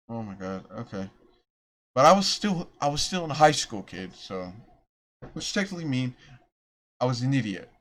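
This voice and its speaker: A young man rambling through a storytime vlog, self-deprecating and restarting his sentences often. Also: medium pitch. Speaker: vlogger.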